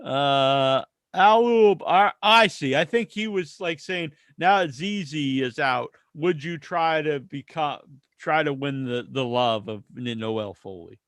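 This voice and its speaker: Male podcast host, high voice, casual and opinionated, dry recording. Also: unhurried, fairly bright tone, dry recording. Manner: opinionated, ranting. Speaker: podcast host reading listener questions. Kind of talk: casual wrestling podcast chat.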